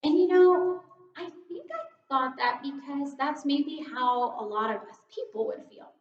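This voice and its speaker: A woman's voice: sits high, very animated, moderate pace. Earnest woman giving an echoey devotional talk. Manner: earnest, conversational, reflective. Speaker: children's ministry director giving a devotion. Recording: echoey room, slightly dull sound.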